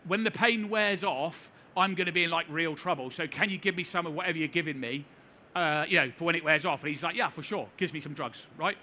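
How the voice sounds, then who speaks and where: A middle-aged British man gives a seminar talk in a conference hall, telling a story to a live audience with wry, self-deprecating humor. His voice sits on the high side and moves a little fast, with a bright, forceful tone. There's a faint hiss or hum in the recording.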